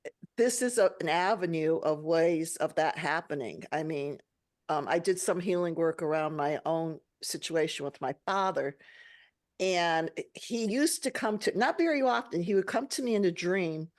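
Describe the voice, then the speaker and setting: A woman's voice: fairly low pitch, normal speed. A woman podcast host telling a personal story with feeling and acting out the dialogue. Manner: emotional, animated, acts out dialogue.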